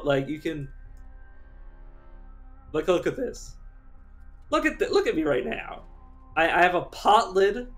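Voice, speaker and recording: A man giving casual, rambling commentary while streaming a game, chatty and given to casual swearing. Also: on the high side.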